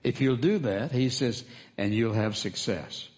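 A man's voice: mid-range voice, measured pace, a little mellow. Man preaching with emphatic repetition. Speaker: pastor. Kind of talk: sermon.

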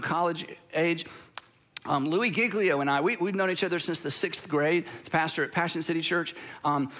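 A man's voice: sits high, sharp tone. A middle-aged man, a pastor preaching a sermon in a conversational, storytelling way with asides. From Southern United States.

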